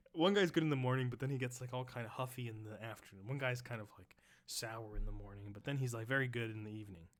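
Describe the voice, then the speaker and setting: A man's voice: medium pitch, fast talker, hardly any pauses. A man as a professor reading a text aloud on a live stream, breaking into loose, chatty explanations with the odd whispered aside.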